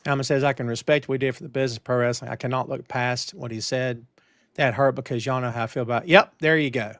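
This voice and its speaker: A man hosting a wrestling news talk show, emphatic and animated, with lots of restarts. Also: medium pitch, fast talker, dry recording. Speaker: podcast host. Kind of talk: casual wrestling news chat.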